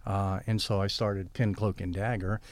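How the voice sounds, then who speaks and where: An older man, a guest on a storytelling interview, spins long rambling anecdotes and acts out the quoted dialogue as he goes. His voice is deep and his delivery flat, at a moderate pace, with no room sound in the recording.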